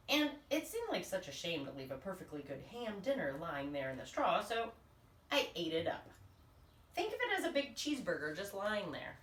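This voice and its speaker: A woman's voice: mid-range voice, fairly bright tone, reverberant, distant mic. A woman reading a picture book aloud to children in a playful, exaggerated storybook manner. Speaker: storytime reader.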